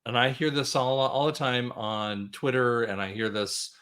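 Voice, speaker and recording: A man hosts the show and speaks in a slow, deliberate, preaching manner, pressing his points by saying "I'm telling you" again and again. His pitch is an ordinary middle. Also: a bit bright. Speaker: host. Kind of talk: preaching-style talk.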